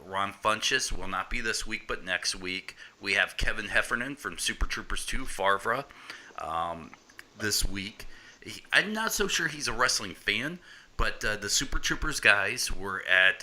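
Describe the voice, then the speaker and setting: A man's voice: lowish voice, sharp tone. A man hosting a wrestling podcast in casual chat, upbeat and plugging the show. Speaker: podcast host.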